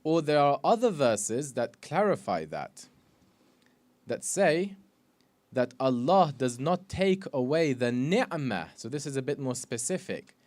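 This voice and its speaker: A man's voice: medium pitch, big pitch swings, unhurried, darkish tone. A man, a sheikh, giving an earnest sermon full of rhetorical questions. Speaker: sheikh giving a religious talk. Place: mosque or community hall.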